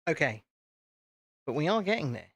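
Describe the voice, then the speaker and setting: A man's voice: fairly high pitch, very animated, normal speed, fairly bright tone, no room sound. A British man hosting a casual live stream, chatting to viewers while he builds and poking fun at himself. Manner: chatty, self-deprecating, talks to viewers.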